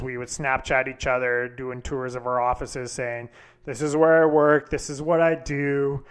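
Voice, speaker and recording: Casual, profane male podcast host. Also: fairly high pitch. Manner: casual, candid, profane, with frequent fillers. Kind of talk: solo podcast storytelling.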